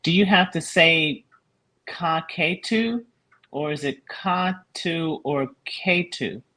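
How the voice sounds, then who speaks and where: Slow, careful language student. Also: medium pitch, pushed and bright, low-quality recording. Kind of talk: asking questions in a lesson.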